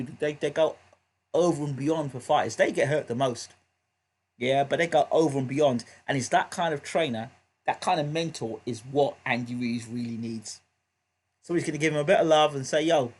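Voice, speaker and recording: A man hosting a live boxing reaction stream, talking in an emphatic way and hammering points home through repetition. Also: fairly high pitch. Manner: emphatic, repeats points heatedly. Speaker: boxing show host.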